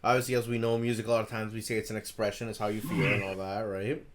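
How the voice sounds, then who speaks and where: A man co-hosting a casual podcast over a video call, talking loosely and excitably, swearing and laughing often. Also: fairly low pitch, quick pace, background noise. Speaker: podcast co-host.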